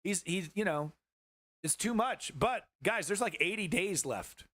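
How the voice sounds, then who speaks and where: A man's voice: sits high, lively intonation, measured pace, fairly bright tone, no room sound. A man hosting a livestream news show, giving casual political commentary in a rambling, profane way, with many restarts.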